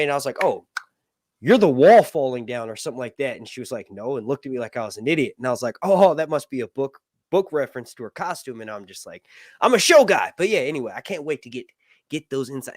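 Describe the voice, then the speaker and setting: A man's voice: mid-range voice, dry recording. Rambling chatty man, dry sound. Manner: rambling, talkative, many fillers and restarts. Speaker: podcast host. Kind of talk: casual livestream discussion.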